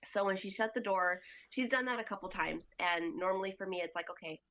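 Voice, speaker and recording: A woman's voice: mid-range voice, steady tone, a little fast, fairly bright tone, highs cut off. A woman speaking as a podcast guest in casual storytelling, chatty and full of fillers, acting out other people's lines as she goes. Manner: chatty, acts out quoted dialogue with lots of fillers.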